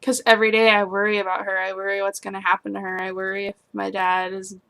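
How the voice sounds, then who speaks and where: A young adult woman talking through her worries in a personal vlog, rambling and anxious, often trailing off into quiet. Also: mid-range voice, monotone, fast talker, gravelly, smooth. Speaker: vlogger.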